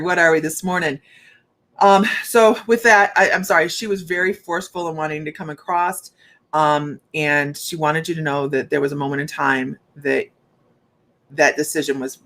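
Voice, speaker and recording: A woman's voice: low-pitched, fairly bright tone. Chatty woman psychic on a livestream. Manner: rambling and chatty, restarts often, talks straight to viewers. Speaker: psychic medium. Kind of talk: live-streamed psychic reading and chat.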